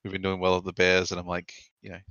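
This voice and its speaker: An Australian man speaks as a podcast guest, halting and filling his pauses as he goes. His voice is very deep and gravelly yet bright at the edges, and it comes over a slightly muffled, dry line. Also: monotone, dry recording. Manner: halting, hesitant, full of "you know". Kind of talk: casual podcast chat.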